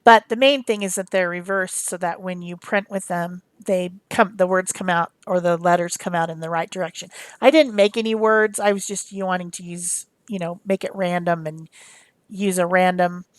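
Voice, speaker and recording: A woman's voice: fairly low pitch, steady tone, moderate pace, no room sound. A woman talking through a craft demonstration in a casual, rambling way, with many fillers and restarts. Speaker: craft tutorial host.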